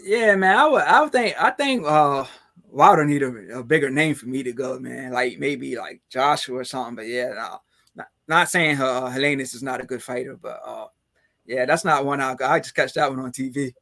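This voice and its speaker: A man's voice: mid-range voice, normal speed, gravelly, pushed and bright. Man, podcast host, casual rambling chat, lots of fillers. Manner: rambling, heavy on fillers like "man" and "you know".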